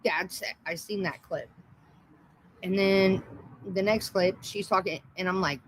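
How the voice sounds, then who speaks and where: A woman's voice: mid-range voice, steady tone, measured pace, pauses often, a little hiss or hum, rough recording. A woman ranting on a casual livestream, profane, mocking and combative. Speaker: livestream host.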